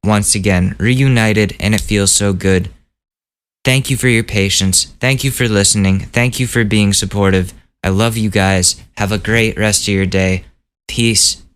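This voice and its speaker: A podcast host with a fairly low voice talks through the news in a loose, casual monologue. He rants and cracks jokes, swearing freely as he goes. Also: fairly even intonation, unhurried, a bit bright, clean tone. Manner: ranting, profane, jokey.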